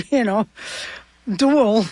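A woman's voice: fairly high pitch, very slow, darkish tone, breathy edge, no room sound. An older woman from Cuba, a guest in an interview, recalling her past in a heartfelt, vivid and reflective way. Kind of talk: personal storytelling interview.

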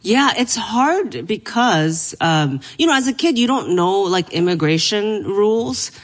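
A woman's voice: mid-range voice, a little slow. A woman comedian, a guest on an interview show, telling stories about her life in a chatty way with lots of fillers and frequent laughs. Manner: animated storytelling with lots of fillers, laughs often. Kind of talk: casual interview chat.

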